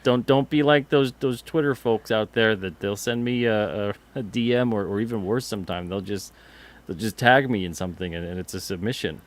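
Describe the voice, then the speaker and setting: A man co-hosting a casual livestream about comic publishing, chatty and getting animated when he vents. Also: fairly low pitch, fairly quick. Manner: chatty, gets animated and amused when venting.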